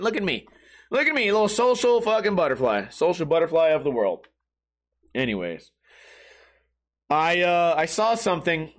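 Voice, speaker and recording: A man's voice: on the high side, a bit bright. A man in his thirties in a profane, rambling monologue, swearing constantly and laughing between lines. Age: 30s.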